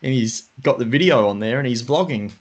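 A man's voice: medium pitch, brisk, husky, highs cut off. A middle-aged man hosting a podcast, chatting casually and rambling with many fillers. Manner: rambling, lots of fillers like "you know". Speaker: podcast host. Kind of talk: casual conversation. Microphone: home podcast microphone.

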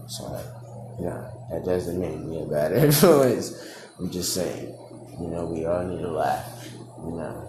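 A man's voice: low voice, mellow, echoey room, a little hiss or hum. A young man hosting his own podcast, rambling and swearing, laughing often, and saying he is drunk. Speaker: podcast host. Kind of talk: casual solo podcast rambling.

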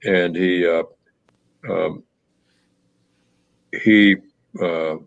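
A man telling a personal story in a reflective, conversational way, pausing often with fillers and restarts. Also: fairly even intonation, gravelly. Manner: halting, many restarts and fillers. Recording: muffled low-fidelity audio.

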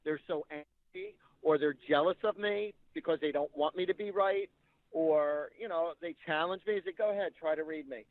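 A man's voice: a little high, normal speed, no room sound. A man working as a psychic medium, telling stories in an interview and acting out the people he quotes. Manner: animated anecdotal storytelling, acts out quotes. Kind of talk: storytelling interview. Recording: tinny phone-like line.

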